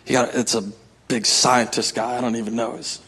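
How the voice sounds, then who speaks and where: A man's voice: mid-range voice, flat delivery, fairly quick, a bit bright, husky. A man preaching a sermon as pastor, emphatic, repeating his key phrases and calling out to the congregation.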